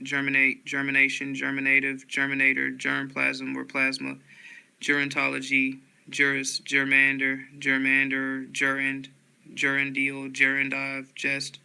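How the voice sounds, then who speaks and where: A man slowly reading dictionary headwords aloud in a flat monotone, often restarting words. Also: mid-range voice, vocal fry, clear, resonant tone, rough recording.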